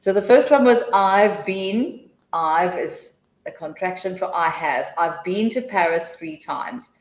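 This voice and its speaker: A woman with a lowish voice runs a live webinar for language teachers, talking in a loose, chatty way that keeps restarting mid-sentence. She drops into quiet mutters to herself while she clicks between slides. It's recorded through a computer mic in an echoey room. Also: a little slow. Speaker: webinar presenter, TEFL trainer.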